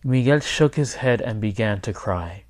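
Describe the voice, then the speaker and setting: A man, a teacher, reading a children's picture book aloud in clear, steady storytelling. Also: on the low side, normal speed. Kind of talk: children's read-aloud narration.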